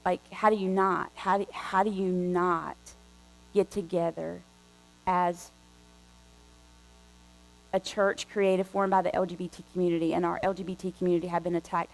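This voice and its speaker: Woman preacher, low gravelly voice, chatty animated storytelling, faint hum behind. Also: moderate pace, rough recording. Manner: conversational, animated storytelling with frequent restarts. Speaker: guest preacher. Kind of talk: storytelling sermon. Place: church sanctuary.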